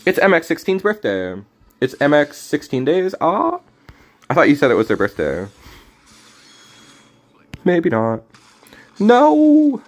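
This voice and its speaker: A man's voice: medium pitch, sing-song, a little fast. Man joking with chat while playing a card game. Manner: casual, teasing banter with chat; sudden loud reactions. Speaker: streamer. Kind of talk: live game stream commentary.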